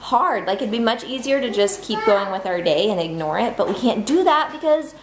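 A woman's voice: mid-range voice, animated, brisk. A woman in her thirties, a mother talking candidly to the camera at home in a casual, chatty family vlog. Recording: roomy home recording with noise.

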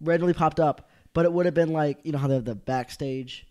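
A young man with a loud voice and a slightly high pitch, talking wrestling in a casual podcast. He laughs a lot, argues playfully and gets worked up. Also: a little fast. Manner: animated, laughs often, teasing and argumentative. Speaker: podcast co-host.

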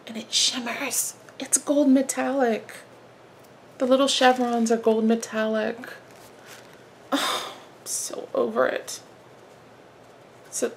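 Gravelly-voiced woman gushing over a craft haul. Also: on the high side, slight background noise. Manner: gushing, excited, breaks into soft whispers. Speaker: flosstube host. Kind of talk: casual haul vlog.

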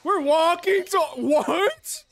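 A channel host giving casual commentary while reacting to an anime, excitable, laughing often and swearing freely. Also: extremely high pitch, slow.

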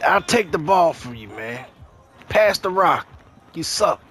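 A cocky, older-sounding streetball man taunts and boasts in profane trash talk, as a man puts on the voice. His voice sits high for a man. He talks in game voice chat. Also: big pitch swings, measured pace, a bit bright, slightly rough, exaggerated voice. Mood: taunting.

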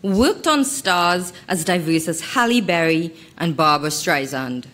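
Casting: young woman, dry sardonic reader, slow, expressive pitch. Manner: wry, sardonic and deliberate. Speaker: author reading her work. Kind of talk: live literary reading. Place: festival venue hall.

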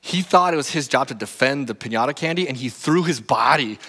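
Animated pastor preaching in a reverberant hall. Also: male voice, mid-range voice, brisk, husky. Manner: animated, acts out stories, talks to the crowd with "right?". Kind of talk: lively storytelling sermon. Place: church sanctuary. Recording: long reverb of a church hall.

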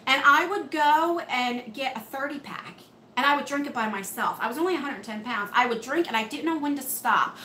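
A woman's voice: sits high, animated, fairly quick, sharp tone, echoey room, slight background noise, low-quality recording. A woman, hosting a live beauty stream from home and answering viewers' comments in a chatty way. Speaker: beauty channel host. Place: home room under hot lights.

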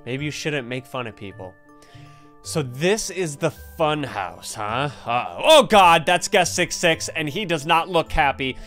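A young man commentating a horror game, excitable and jokey, exclaiming often. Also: a little high, measured pace, soft background music. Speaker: gaming video host.

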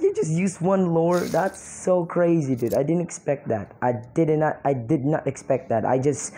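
Low, mellow-voiced excitable young woman. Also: a little slow. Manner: excitable, exclaiming, laughs often. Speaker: mobile game player. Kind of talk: excited gameplay commentary.

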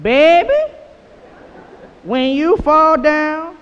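A man voicing a loving old grandmother, stretching each word out very slowly in an echoey hall. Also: very high-pitched, fairly bright tone, voice pushed up, exaggerated voice. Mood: coaxing. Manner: very slow, drawn-out words. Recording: echoey hall, dull sound, hiss.

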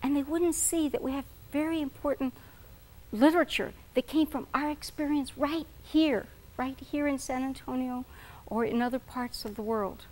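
A woman author talking to students and reading her own fiction aloud, in a deliberate storytelling manner. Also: sits high, a little mellow. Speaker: author giving a talk to students. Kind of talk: lecture and dramatic reading. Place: San Antonio event.

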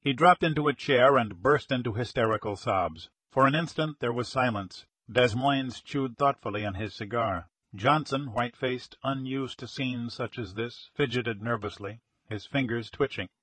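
A man reading a mystery audiobook in a steady, dramatic way. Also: medium pitch, moderate pace, hardly any pauses, breathy edge, dry recording. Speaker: narrator.

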